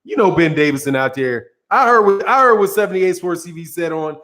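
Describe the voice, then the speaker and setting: High-pitched male boxing host, casual sarcastic rant, rambling and repetitive, laughs a lot. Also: lively intonation, a little fast, fairly bright tone. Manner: rambling, repeats words, laughs often; sarcastic, mocking.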